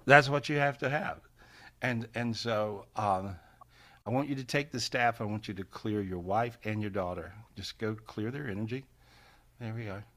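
A man with a somewhat low voice leads a live spiritual healing session over a video call. He talks in a folksy, repetitive way and laughs easily. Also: moderate pace. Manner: warm, folksy, repeats phrases, laughs often.

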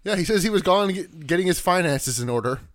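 A man's voice: high voice, lively intonation, fast talker. A young man co-hosting a podcast, recapping in casual chat with dry jokes. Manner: dry jokey recap narration. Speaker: podcast co-host.

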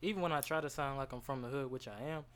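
A young man as a podcast guest in casual chat, talking loosely and fast with stammered repeats. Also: medium pitch, a bit bright.

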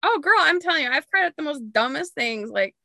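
High, bright-voiced woman telling lively stories. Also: fairly quick, creaky, dry recording. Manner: animated storyteller who acts out quoted dialogue; laughs often. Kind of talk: casual chat.

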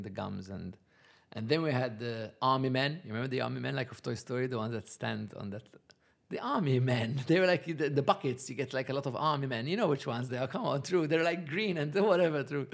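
A man's voice: mid-range voice, vocal fry. A man talking as a podcast guest, rambling and laughing often, restarting his sentences as he recalls family Christmas habits. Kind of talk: casual chat.

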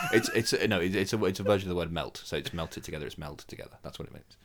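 A man's voice: deep voice, wildly swooping pitch, fairly bright tone. A young man from Birmingham with a mild Birmingham accent, teasing his co-host in casual podcast banter. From Birmingham, England. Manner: teasing, sweary, quick banter. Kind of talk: casual chat.

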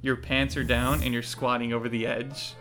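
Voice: medium pitch, flat delivery, normal speed, fairly bright tone, faint music behind. A game master narrating a tabletop game casually and laughing often.

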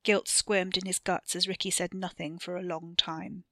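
A woman narrates serial fiction in a measured, expressive way, her low-pitched voice bright and forceful. The recording is dry and close to the mic, with no room sound. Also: dry recording. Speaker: podcast storyteller.

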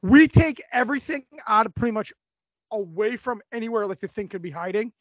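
A high-voiced man tells a rambling story with plenty of swearing and energy. His voice sits dry and close in a dull, lo-fi recording. It sounds like casual podcast chat. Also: a little fast, no echo. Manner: animated, profane storytelling. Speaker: podcast co-host.

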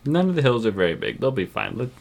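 A man's voice: medium pitch, wildly swooping pitch, fast talker, creaky. A man playing a tabletop role-playing game, easygoing and inquisitive. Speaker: player. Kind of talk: casual tabletop game play.

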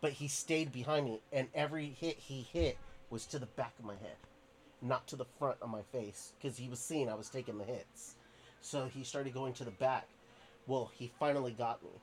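A man's voice: mid-range voice, steady tone, normal speed, slight background noise. A man, a podcast guest, tells a story in a casual, rambling way with lots of fillers and restarts.

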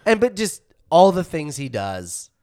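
Guy on a podcast laughing while he acts out movie bits, really lively up-and-down voice. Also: fairly high pitch, a little slow, no room sound, studio quality. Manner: animated, laughing storyteller acting out movie scenes. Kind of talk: casual chat.

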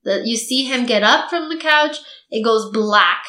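A woman's voice: fairly high pitch, unhurried. A young woman, a podcast host, telling a personal story in casual chat and acting out what people said. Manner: animated storytelling, acting out quotes. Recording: echoey room.

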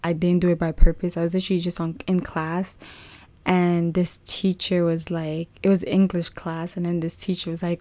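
A woman's voice: fairly low pitch, level tone, normal speed, a little mellow, no echo. A young woman hosting a podcast, sharing a personal faith testimony in a chatty, rambling way full of fillers. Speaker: podcast host.

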